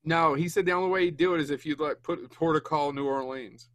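A man's voice: on the high side, fast talker, fairly bright tone, dry recording. A man co-hosting a casual film podcast who cuts in with wry jokes. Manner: wry, joking interjections. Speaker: podcast co-host.

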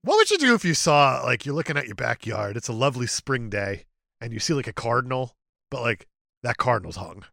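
A man's voice: mid-range voice, very animated, a little fast, creaky, a bit bright, no room sound, studio quality. A man co-hosting a casual movie podcast, joking and riffing in silly voices. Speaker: podcast co-host.

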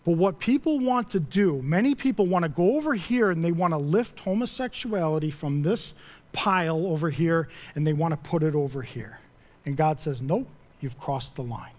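Passionate high-voiced male preacher. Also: expressive, normal speed. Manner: passionate, emphatic preaching with sudden drops to quiet. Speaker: pastor. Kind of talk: sermon. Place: church sanctuary at a podium.

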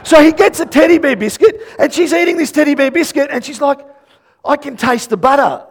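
A man preaching a lively sermon, acting out little conversations and shouting his key points. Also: very high-pitched, brisk. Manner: animated, acts out quoted dialogue, shouts emphasis. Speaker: pastor.

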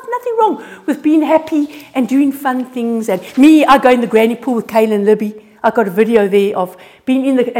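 A woman giving an informal, earnest sermon and personal testimony, lively and prone to restarting words. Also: fairly high pitch. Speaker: speaker sharing a testimony. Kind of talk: informal church sermon with slides. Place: church gathering.

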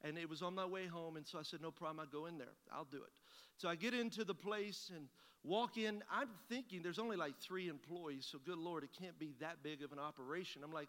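Male pastor, bright and forceful, folksy storyteller in a reverberant hall. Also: fairly high pitch, quick pace. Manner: folksy storytelling, acting out both sides of a conversation. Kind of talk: sermon with a personal story.

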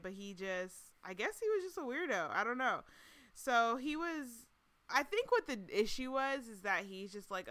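A woman's voice: mid-range voice, a bit bright, smooth. A woman co-hosting a podcast, telling a dating story in a chatty, laughing way. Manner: chatty, sarcastic, laughs often. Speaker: podcast co-host. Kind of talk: casual storytelling chat.

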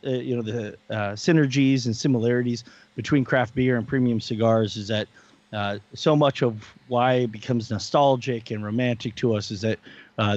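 A man's voice: mid-range voice, lo-fi sound. A man co-hosting a casual chat show, talking earnestly and rambling with many fillers. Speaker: podcast co-host.

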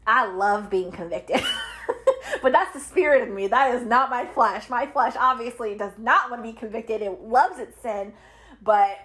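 A woman's voice: a little high, normal speed, a bit bright. A woman in her thirties hosting a Christian podcast, chatting casually and emphatically to women listeners, often repeating words for stress and laughing.

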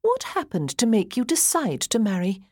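Soft-spoken polite young lady, slightly husky, dry sound, read by a woman. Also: fairly high pitch, wildly swooping pitch, normal speed, dry recording, pitched above the performer's own voice. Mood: earnest. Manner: polite, apologetic. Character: gentle young lady, delicate, earnest friend.

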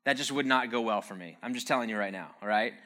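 A man's voice: on the low side, fast talker, pushed and bright. A man giving a casual, joking sermon-style talk, conversational and wry, with frequent "um"s and "uh"s.

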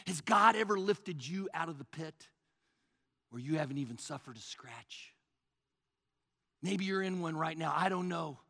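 A male pastor preaching a sermon, swinging between loud, rising passages and hushed, low asides. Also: vocal fry, in a large hall.

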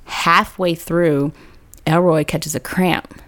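A woman's voice: deep voice, steady tone, slow, a bit bright. A woman host telling a comic story in a casual, slangy way, laughing often. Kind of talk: comedic storytelling.

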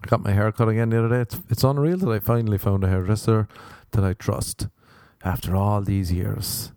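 A man's voice: fairly low pitch, fairly quick, warm tone, no room sound. A man hosting a podcast on his own, delivering a casual monologue in profane, rambling, self-mocking rants. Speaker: podcast host. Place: Los Angeles.

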